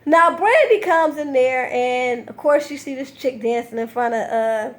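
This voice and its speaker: High-voiced sassy woman recapping TV. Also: unhurried. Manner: sassy, blunt and profane, animated retelling. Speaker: TV recap host. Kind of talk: casual reality TV recap commentary.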